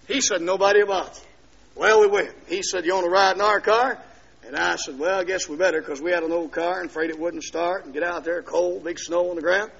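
Male preacher, sermon testimony, bright high voice, lo-fi church recording. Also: fairly quick, gravelly, breathy edge. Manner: storytelling, swings from hushed to shouting.

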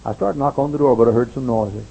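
A man's voice: fast talker, gravelly, breathy edge, narrow, tinny audio. An older man preaching, telling stories animatedly and acting out quoted voices. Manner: animated storyteller, acts out quotes in high voices. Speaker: pastor. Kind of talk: sermon storytelling.

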